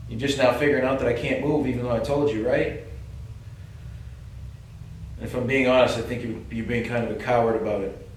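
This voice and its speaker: A man's voice: medium pitch, a little fast, pauses often. Boston-accented male investigator, earnest and coaxing; roomy echo, distant mic, light hiss. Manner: calm, coaxing, earnest, addressing an unseen presence. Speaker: paranormal investigator. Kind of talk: calling out to a spirit in a ghost hunt. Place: old building at night, indoors. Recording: very echoey room, distant mic, faint hiss.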